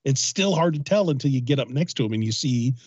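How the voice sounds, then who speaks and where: A man co-hosting a podcast, telling jokes in casual comedic banter with a husky voice. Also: mid-range voice, fast talker, no echo, muffled recording. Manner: joking, animated storytelling. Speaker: podcast co-host.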